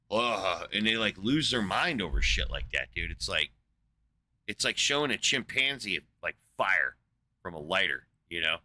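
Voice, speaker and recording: Deep, sharp-voiced man ranting profanely. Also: sing-song, normal speed. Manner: rambling, profane, filler-heavy, incredulous. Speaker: podcast host. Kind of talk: casual profane rant.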